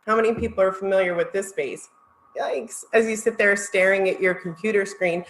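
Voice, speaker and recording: A woman's voice: medium pitch, steady tone, a little fast, reverberant, a little hiss or hum, rough recording. A woman presenting at a virtual conference, heartfelt and close to tears as she thanks her audience. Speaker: marketing executive presenter.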